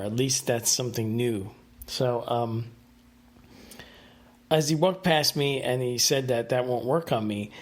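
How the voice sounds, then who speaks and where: A man hosting a casual solo podcast, telling a story in a rambling, hesitant way with many fillers and restarts. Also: mid-range voice. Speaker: podcast host.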